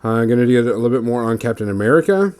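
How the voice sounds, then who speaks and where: A man hosting a casual podcast, chatting in a relaxed, rambling way with plenty of fillers while he paints miniatures. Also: mid-range voice, very fast.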